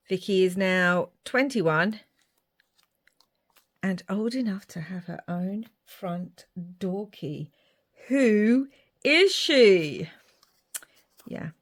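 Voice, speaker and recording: Brief: Irish-born woman craft vlogger, unhurried and chatty, with muttered asides. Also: fairly low pitch. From Ireland. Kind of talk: casual craft chat.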